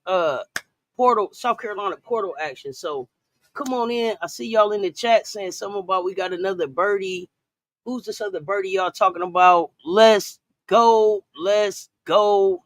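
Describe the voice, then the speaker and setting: A woman's voice: medium pitch, no echo. A woman hosting a casual sports livestream, hyped and greeting chat viewers one after another by name. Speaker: sports talk livestream host.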